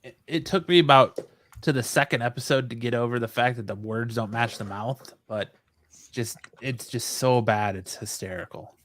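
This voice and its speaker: A man co-hosting a podcast in casual chat, relaxed and agreeable with dry humor. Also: medium pitch, moderate pace. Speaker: podcast co-host.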